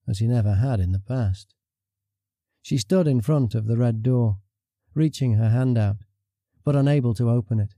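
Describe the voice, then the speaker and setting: A man reading a fantasy audiobook in a measured, even storytelling manner. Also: medium pitch, vocal fry, no room sound, studio quality. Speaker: audiobook narrator. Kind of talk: scripted story narration.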